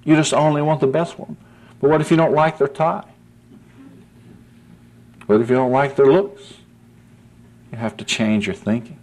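A man's voice: mid-range voice, moderate pace, long pauses, darkish tone. A male preacher delivering a sermon with earnest conviction. He talks in a folksy, conversational way and often checks in with his listeners. His voice climbs to emphatic peaks when he presses a point. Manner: folksy, asks "see?" often.

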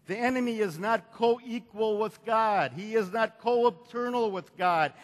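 High-pitched and unhurried, a man delivers a sermon full of repeated phrases and emphatic peaks, calling for responses from the congregation. The sound carries a long hall reverb.

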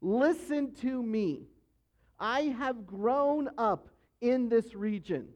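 A man voicing a seasoned male mountain climber, speaking slowly and steadily to reassure. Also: very high voice, sing-song, mellow, breathy edge, voice pushed up, full character voice. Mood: reassuring. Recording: dull, lo-fi sound.

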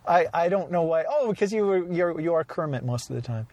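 A man's voice: a little high, expressive, brisk, hardly any pauses, a little mellow, no echo. A man co-hosting a podcast in casual chat, rambling through stories and laughing often. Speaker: podcast co-host.

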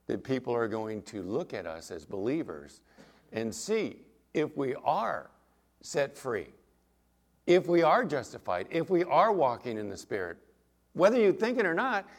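Male pastor preaching, animated and emphatic, quizzes the congregation. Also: mid-range voice. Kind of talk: sermon.

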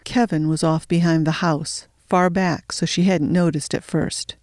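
A narrator reading a thriller audiobook in a steady storytelling voice, slowing for suspense. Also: medium pitch, dry recording, clean studio sound.

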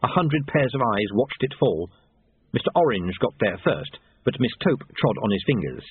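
A man narrating an audiobook with expressive storytelling. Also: mid-range voice, normal speed, husky, no echo. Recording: tinny phone-like band, dry.

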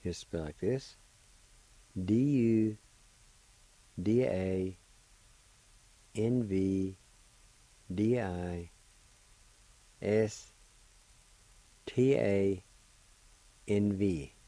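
Slow, deep-voiced man teaching words. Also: warm tone, no room sound. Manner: slow, careful, syllable by syllable. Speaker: language teacher. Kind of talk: radio language lesson, spelling and pronouncing.

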